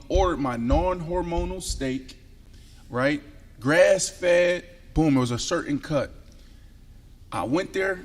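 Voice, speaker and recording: A man in his forties, a co-host on a sports talk show, telling stories animatedly and with emphasis, sometimes dropping into a hushed voice. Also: medium pitch, big-room sound. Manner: animated storyteller, emphatic, drops into a hushed voice to tell a story. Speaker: co-host and former football player.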